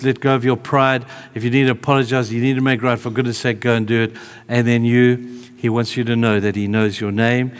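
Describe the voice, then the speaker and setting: A man preaching a sermon in a church hall, conversational, moving between emphatic calls and hushed, tender asides. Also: medium pitch.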